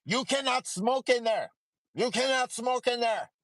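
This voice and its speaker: A stern male hotel desk clerk with an Indian accent, put on by a storyteller talks in a high, clipped voice. He repeats his warnings firmly. The sound is close and dry. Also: a little slow, a bit bright, dry recording.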